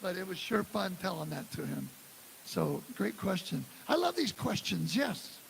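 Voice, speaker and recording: A man in his sixties from the Detroit area, telling animated stories at a live drum clinic in a music store. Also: high-pitched, unhurried, vocal fry, poor audio. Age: 60s. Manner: animated storyteller who acts out quotes and scats drum parts. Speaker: guest drummer giving a clinic. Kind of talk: live clinic talk and storytelling. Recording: live room with steady hiss.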